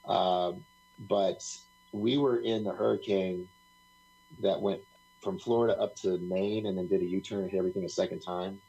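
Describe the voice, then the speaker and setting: A man's voice: deep voice, steady tone, normal speed, mellow, husky, muffled recording. A man talking as a guest on a live talk stream, rambling through stories, laughing often and acting out what other people said.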